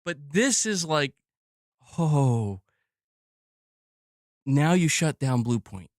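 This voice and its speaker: A man with a high voice rants on his gaming news channel, furious and swearing constantly. He circles back to the same lines and repeats them. The sound is close and dry, with no room around it. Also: big pitch swings, a little slow, no room sound. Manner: swearing, heated, repeats himself. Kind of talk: angry rant.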